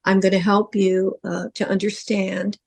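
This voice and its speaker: A woman's voice: medium pitch, flat delivery, measured pace, creaky, a little mellow, breathy edge. Earnest middle-aged woman telling a story. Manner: earnest, recounts a vivid dream with lots of quoted dialogue. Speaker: psychic medium and podcast co-host. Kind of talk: casual storytelling.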